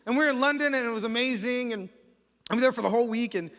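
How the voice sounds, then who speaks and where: A man's voice: very high voice, rapid-fire, fairly bright tone, long reverb tail. A man with an American accent, a campus pastor leading a prayer and then telling a joking story in a sermon, with many restarts. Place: large church hall.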